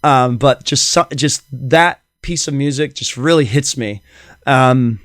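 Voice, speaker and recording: A man's voice: mid-range voice, unhurried, a bit bright, no room sound. Enthusiastic rambling man, dry close sound. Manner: rambling, enthusiastic, hums tunes with many fillers. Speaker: podcast host. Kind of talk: casual solo podcast talk.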